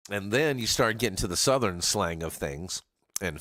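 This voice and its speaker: With a fairly low, slightly bright voice, this man sounds expressive at a moderate pace, captured in clean studio sound without echo. As a karaoke livestream host, he greets his viewers and rambles playfully right at them.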